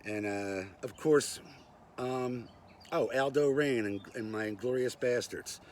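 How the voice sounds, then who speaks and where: A man's voice: mid-range voice, measured pace, a little mellow, a little hiss or hum. An older man hosting a casual knife and gear review vlog, chatty and self-deprecating with lots of "uh" and "anyway.". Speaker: knife review channel host.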